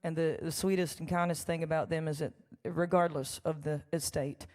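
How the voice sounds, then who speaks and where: A woman's voice: low voice, steady tone, moderate pace, a little mellow. A woman telling a joking, chatty story to a live audience between songs. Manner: chatty, folksy and joking, with laughs and asides to the crowd. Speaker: songwriter performing live. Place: large church hall with a live audience. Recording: long reverb of a large hall.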